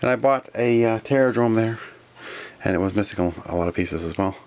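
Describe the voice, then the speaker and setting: A man from Canada chatting casually in a toy collector vlog, rambling and grumbling, sometimes whispering names in a drawn-out way. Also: on the low side, a little mellow, slight background noise. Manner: rambling and complaining, with stretched-out whispered echoes of names. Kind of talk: casual toy review chat.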